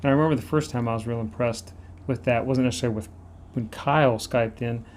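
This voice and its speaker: A man's voice: mid-range voice, fast, a little mellow, a little hiss or hum. A man with a Southern American accent hosting a casual chat, telling stories with an easy laugh. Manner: chatty storyteller, laughs easily. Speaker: host. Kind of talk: casual conversation.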